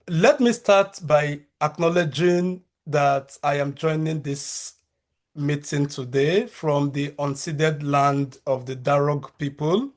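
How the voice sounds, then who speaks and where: A man from Nigeria with a Nigerian accent talks at an unhurried pace over a video call, in a voice pitched slightly high for a man. He is a researcher and university lecturer who chooses his words with care, restarting phrases and filling pauses with "um" as he goes. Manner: measured, careful delivery with frequent fillers and restarts.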